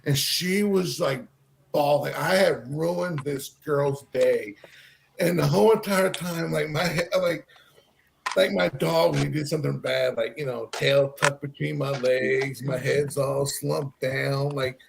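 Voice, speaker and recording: Man from Texas, slightly high, gravelly voice, rambling story with lots of fillers. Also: unhurried, slight background noise. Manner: rambling, animated, many fillers. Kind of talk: casual storytelling.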